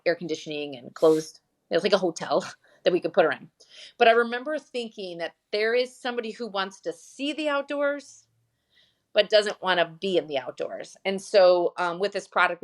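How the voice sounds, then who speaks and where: Her voice is mid-range and a bit bright. She's a glamping site owner from Michigan, USA, chatting informally in an interview and telling stories that frequently start over.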